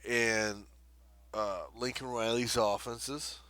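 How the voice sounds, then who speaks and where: A young man co-hosting a casual sports podcast, excitable and rambling, with lots of fillers. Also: medium pitch, slow pace. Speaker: podcast co-host.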